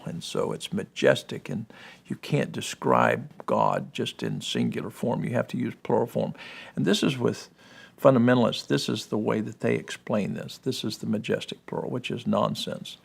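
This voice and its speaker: A man with a gravelly voice explaining Hebrew and Greek grammar in a discussion, full of "you know" and checking "correct?". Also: medium pitch. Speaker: guest explaining biblical languages.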